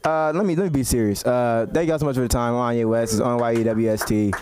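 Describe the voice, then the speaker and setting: A man's voice: medium pitch, steady tone, quick pace, a little mellow. A young man doing an open mic stand-up set, rambling and swearing a lot. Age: young adult. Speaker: stand-up comedian. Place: comedy club stage. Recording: noisy live club recording.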